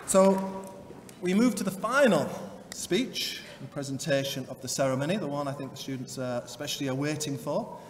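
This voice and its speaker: A man's voice: on the high side, lively intonation, moderate pace, hardly any pauses. Male ceremony host in an echoey hall. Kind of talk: formal announcing. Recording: echoey hall, distant mic, crowd noise.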